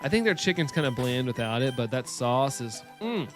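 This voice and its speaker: A man with a light Southern US accent, casually chatting with his stream's viewers, upbeat and quick to laugh. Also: medium pitch, big pitch swings, music in the background. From Southern United States. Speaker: live-stream host. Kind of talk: casual live-stream chat, reading chat.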